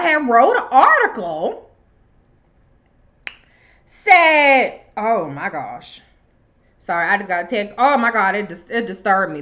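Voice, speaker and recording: On her live show, a high-voiced woman delivers a sassy, profane rant of political commentary. She sounds bright and forceful, emphatic and loose in her language.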